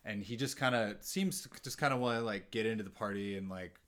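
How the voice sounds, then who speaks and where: A man's voice: on the low side, fairly quick. Laid-back man recapping with lots of "like". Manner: relaxed, filler-heavy storytelling with lots of "like". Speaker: podcast co-host. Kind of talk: casual chat recapping a TV episode.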